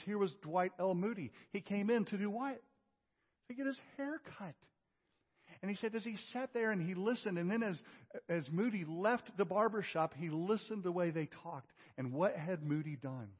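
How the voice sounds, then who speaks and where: A male pastor preaching a sermon, asking rhetorical questions and swinging from loud emphasis to hushed tones. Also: high-pitched, slightly rough. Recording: dull audio with long hall reverb.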